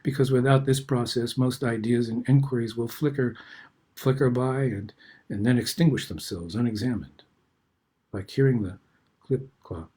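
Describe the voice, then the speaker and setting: An older man, host of the show, reading his own personal essays aloud in a reflective, unhurried way. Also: mid-range voice, warm tone, breathy edge.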